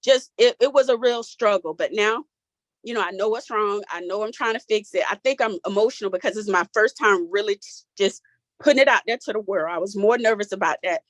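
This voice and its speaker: A woman's voice: medium pitch, a little fast, no room sound. A woman in her forties telling her personal story in a candid, casual way, her voice cracking as she holds back tears. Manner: candid, emotional, casual Southern-tinged speech. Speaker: guest sharing her story. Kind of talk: personal testimony in a group talk.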